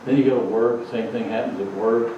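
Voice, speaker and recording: A male pastor delivers his sermon like a casual story, at an ordinary middle pitch. His voice carries through a strongly echoing sanctuary from a mic set some way off. The sound is dull, with a clear layer of background noise. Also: steady tone, a little fast, distant mic. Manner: conversational storytelling preacher. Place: church sanctuary.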